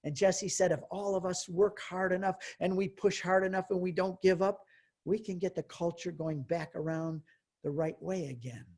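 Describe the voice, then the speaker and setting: An older man giving a storytelling Catholic retreat talk, passionate and exhorting, moving between quiet earnest stretches and fervent outbursts. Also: sits high, fairly even intonation, moderate pace.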